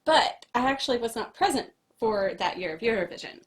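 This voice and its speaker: A woman's voice: a little high, expressive, brisk, slight background noise. A woman co-hosting a casual chat, talking in a rambling, giggly way. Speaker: co-host.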